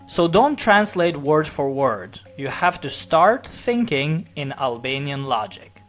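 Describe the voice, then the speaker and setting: Slow, careful language teacher. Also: medium pitch, very animated, soft background music. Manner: careful, repeats each example slowly. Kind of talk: grammar lesson.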